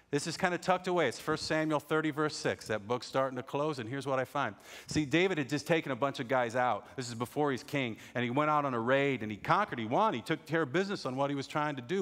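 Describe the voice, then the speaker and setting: A man's voice: medium pitch, a bit bright. A middle-aged man preaching a sermon earnestly, repeating his key phrases for emphasis. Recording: long reverb in a large hall.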